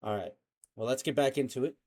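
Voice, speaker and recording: Rambling young reaction-video host. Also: male voice, medium pitch, quick pace, a little mellow. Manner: rambling, hesitant, lots of fillers and slang. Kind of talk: casual reaction commentary.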